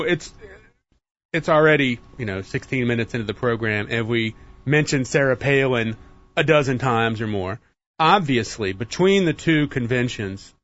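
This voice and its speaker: A man's voice: mid-range voice, a bit bright. A man hosting a morning radio talk show, chatty and joking as he gives the call-in details. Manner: chatty, joking, reads station call-in info. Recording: dull lo-fi radio broadcast.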